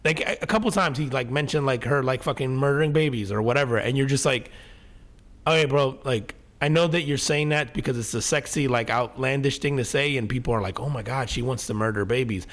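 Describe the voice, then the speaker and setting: A man's voice: mid-range voice, brisk. A man co-hosting a podcast, talking casually and profanely, acting out quotes as he goes. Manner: animated, profane, acts out quotes. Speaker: podcast co-host. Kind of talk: casual chat.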